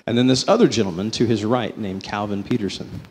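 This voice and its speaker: A man sharing his faith testimony before an audience, telling it as a story that swings between slow, emphatic phrases and quicker runs. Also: lowish voice, darkish tone, long reverb tail, a little hiss or hum. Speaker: company vice president giving a testimony.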